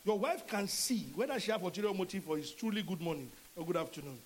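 High-voiced Nigerian pastor preaching. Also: male voice, fast talker, poor audio. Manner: animated preaching, acts out dialogue in changing voices. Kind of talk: sermon.

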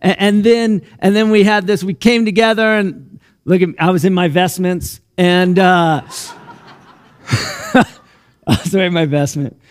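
Pastor, man, slightly raised pitch; chatty, heartfelt sermon delivery full of restarts. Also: fairly even intonation, slow, long pauses, clear, resonant tone. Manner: conversational, restarts often, gets emotional and laughs. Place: church sanctuary.

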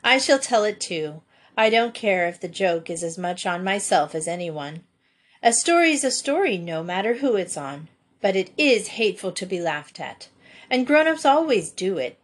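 A woman's voice: medium pitch, big pitch swings, normal speed. A woman reading aloud, voicing an earnest, dramatic young girl who loves telling stories. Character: bold storytelling girl.

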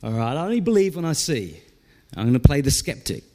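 A man's voice: medium pitch, very animated, fast talker, mellow, pitched below the performer's own voice, lightly acted. A man voicing a skeptical adult male disciple who refuses to believe without proof, in a casual, offhand way. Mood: stubborn.

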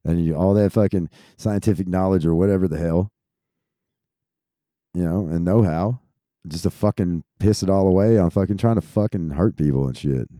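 A man's voice: sits low, moderate pace, mellow, dry recording, studio quality. A man in his thirties who grew up in Texas, ranting casually in a rambling, profane stream. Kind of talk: casual rant.

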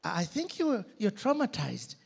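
A man's voice: sits high, wildly swooping pitch, moderate pace, vocal fry, darkish tone, slightly rough, full character voice. A man voicing a baffled, pushy male doctor who scolds with exclaimed questions.

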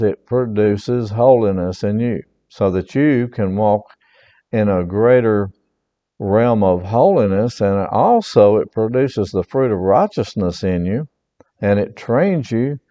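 A man's voice: lowish voice, expressive, takes it slowly, warm tone. A middle-aged man preaching a sermon as pastor, reading scripture aloud and explaining it in a folksy, repetitive way. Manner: folksy, repeats himself, reads scripture aloud. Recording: dull muffled sound with long reverb.

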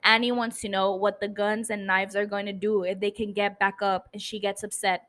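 A woman's voice: mid-range voice, level tone, normal speed, fairly bright tone. A woman hosting a podcast, recapping a TV episode in casual, chatty talk with casual swearing and self-mocking laughs. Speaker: podcast host.

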